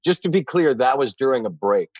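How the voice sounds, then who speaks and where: A middle-aged man guesting on a podcast, speaking at an ordinary pitch into a dry, close mic. He is a sports broadcaster by trade, and he laughs easily and riffs playfully off the host. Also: animated, fairly quick, a little mellow, slightly rough, no room sound. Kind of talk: casual chat.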